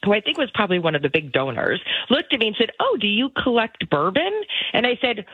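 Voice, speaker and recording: A woman's voice: mid-range voice, big pitch swings, quick pace, husky, no room sound. A woman co-hosting and producing a talk show, telling stories playfully and laughing often over a tinny, phone-like line. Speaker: producer and co-host. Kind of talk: casual banter.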